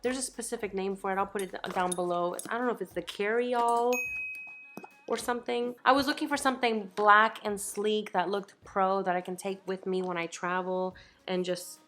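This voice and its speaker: A woman's voice: medium pitch, steady tone, normal speed, fairly bright tone, slight background noise. A young woman chatting casually in a beauty vlog, bubbly and rambling, joking about herself. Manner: bubbly, rambling, self-deprecating with laughs. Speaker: beauty YouTuber.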